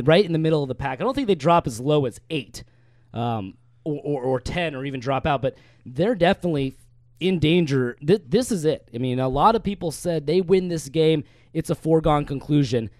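A young male sports radio host talking live from a dry studio. His voice sits a bit high, and he recaps the game briskly, full of scores and stats. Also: a little mellow, dry recording. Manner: brisk, stat-heavy play-by-play recap.

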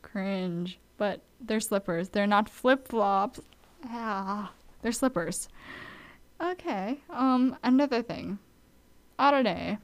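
A young woman with a Hawaiian accent chats casually to camera. Her voice sits slightly high, and she takes her time, leaning hard on each word with animated, mock-exasperated emphasis. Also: takes it slowly. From Hawaii, Oahu. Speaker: vlogger. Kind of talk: casual chat.

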